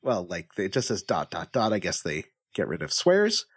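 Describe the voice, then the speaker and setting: A man's voice: deep voice, normal speed, husky. A man hosts a casual podcast game among friends and reads user reviews aloud. His voice swings up and down with a lot of movement. He hums to himself while he pulls up the next one. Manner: animated, reads reviews in a lively sing-song way, hums while searching. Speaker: podcast host running a guessing game.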